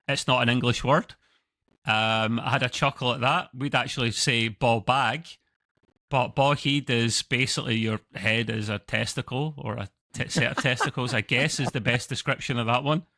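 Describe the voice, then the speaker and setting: Over a video call, a Scottish-accented man from Scotland co-hosts a relaxed TV review chat, wandering off, fixing his own words, and slipping in chuckling asides. He talks at a moderate pace in a steady, mid-range voice that sounds pushed and bright, with no room sound.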